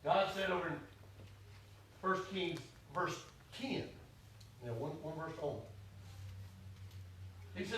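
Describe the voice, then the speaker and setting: Male preacher, high voice, folksy and emphatic, heard from a distance in a roomy church. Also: slow, long pauses, slight background noise. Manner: voices Elijah's complaints in first person, rising to shouts. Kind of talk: sermon.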